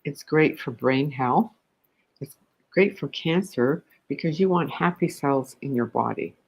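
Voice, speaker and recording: A woman guest on a talk show, speaking in a husky voice. She tells an anecdote and a joke with animated delivery. Her voice carries a breathy rasp. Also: deep voice, a little slow, poor audio. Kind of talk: interview conversation.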